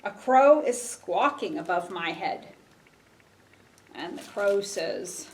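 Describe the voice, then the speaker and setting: A woman's voice: mid-range voice, animated, slow pace, pauses often, a little mellow, distant mic, slight background noise, poor audio. A woman librarian giving a storytime reading for children, sing-song and stopping to ask the little listeners questions. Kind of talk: storytime read-aloud for children.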